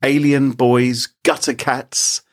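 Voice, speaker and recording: A man co-hosts a podcast, telling a story in a loose, animated style and laughing a lot. His voice sits in the mid range and he speaks at a slow pace, keeping it a casual chat.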